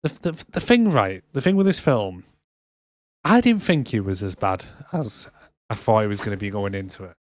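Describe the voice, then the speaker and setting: A man's voice: lowish voice, lively intonation, moderate pace, no room sound. Sarcastic man, casual podcast chat. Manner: sarcastic, swears often, acts out scenes in quotes. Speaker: podcast co-host. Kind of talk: casual movie review chat.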